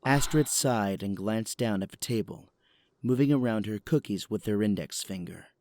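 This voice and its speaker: Guy narrating a story, calm and steady, lowish voice, dry close sound. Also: moderate pace, dry recording. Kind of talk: scripted narration of an audio drama.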